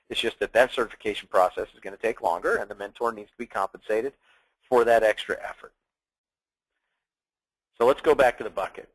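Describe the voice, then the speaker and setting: A man's voice: medium pitch, poor audio. A man presenting a sales training, upbeat and emphatic like a salesman.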